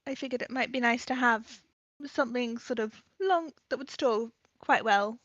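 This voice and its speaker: A woman's voice: on the high side, normal speed, a bit bright, dry recording. A woman playing a tabletop game, asking questions in a polite, rambling, courteous way. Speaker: player. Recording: dull lo-fi dry mic.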